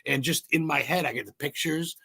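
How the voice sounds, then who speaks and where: A man from Maine, a podcast guest, talking in a rambling, excitable way and swearing freely. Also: fairly high pitch, fairly quick, creaky, slightly rough. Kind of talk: casual interview chat.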